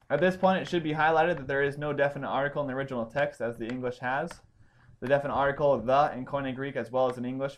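A man teaching a Bible study class, explaining points step by step and pausing to check that his students follow. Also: medium pitch, a little hiss or hum. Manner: explanatory, checks understanding with questions.

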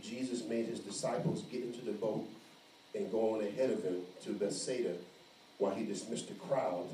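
A man preaching an animated sermon, acting out the voices of the people in his story. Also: lowish voice, slight background noise. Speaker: pastor. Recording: echoey room, mic at a distance.

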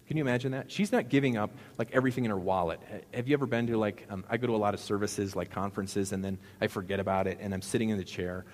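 A middle-aged male pastor delivers a relaxed, humorous sermon, talking with the congregation and tossing rhetorical questions at them. His voice sits low. It rings out with a long reverb from a large church hall. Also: very fast, hardly any pauses. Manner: conversational, jokey preaching with rhetorical questions. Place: church sanctuary.

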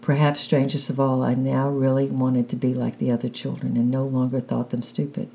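A woman with a very deep, dark voice reads a children's novel aloud in the first person. Her narration is calm and unhurried, with a faint hiss underneath. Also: creaky. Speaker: audiobook reader.

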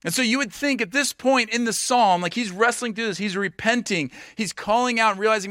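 A man's voice: high voice, normal speed, sharp tone, dry recording, studio quality. A young adult man preaching a sermon in an earnest, conversational way, acting out quoted voices.

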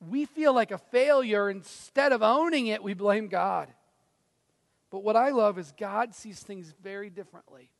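A man preaches in a high, gravelly voice that carries a long echo through a big hall. He swings from loud, pressing appeals down to near-hushed moments. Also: normal speed. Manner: dramatic, swings from loud to hushed, acts out quotes. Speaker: pastor. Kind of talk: sermon. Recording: reverberant hall.

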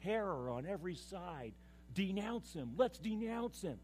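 A man preaching a sermon, impassioned, swinging from loud declaiming to hushed, confiding tones. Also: high-pitched, big pitch swings, unhurried, faint music behind. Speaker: pastor.

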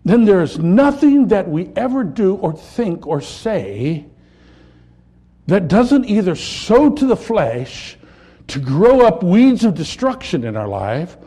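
A man preaching a sermon, building to impassioned peaks and dropping to quiet, reflective lines. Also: sits high, very animated, slow pace, slightly rough. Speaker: pastor.

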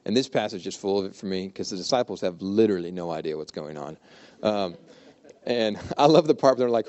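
A man's voice: deep voice, expressive, brisk, a little mellow, lo-fi sound. A man preaching a conversational sermon, informal and humorous, retelling the story with playful asides. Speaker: pastor.

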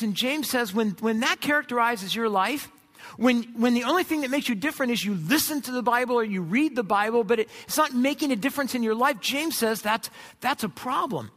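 A man's voice: very high-pitched, animated, brisk, a bit bright. A middle-aged man preaching a conversational sermon as pastor, joking and acting out imagined voices. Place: church sanctuary. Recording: long hall reverb.

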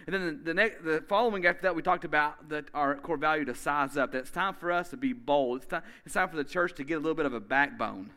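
A man preaching a sermon as pastor, emphatic and energetic, speeding up in bursts and slowly repeating key phrases. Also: fairly high pitch. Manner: energetic, with quick bursts of speech.

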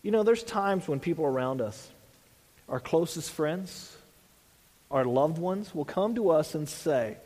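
A man's voice: high-pitched, expressive, brisk, darkish tone, in a large hall. A man preaching a sermon as a pastor, earnest, restarting phrases and dropping in "you know" asides.

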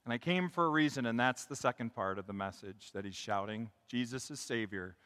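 A male pastor preaching a sermon, building to loud, emphatic calls and leading his congregation in call and response. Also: medium pitch, fairly quick, smooth, big-room sound. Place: church sanctuary.

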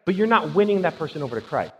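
A man's voice: a little high, very animated, very fast, husky. Male pastor, emphatic conversational sermon; dull recording with long reverb. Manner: emphatic, asks rhetorical "right?".

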